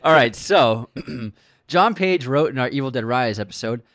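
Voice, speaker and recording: A man's voice: mid-range voice, animated, moderate pace, fairly bright tone, no echo. A man co-hosting a casual movie podcast. He laughs a lot as he reads listener comments aloud. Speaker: podcast co-host.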